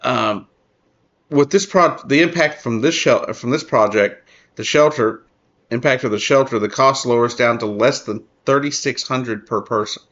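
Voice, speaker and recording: A man's voice: mid-range voice, a bit bright. Guy reading an article and chiming in, earnest, stops and restarts a lot, kinda muffled lo-fi sound. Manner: earnest, halting, many restarts and fillers. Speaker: political commentary host. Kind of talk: casual commentary reading an article.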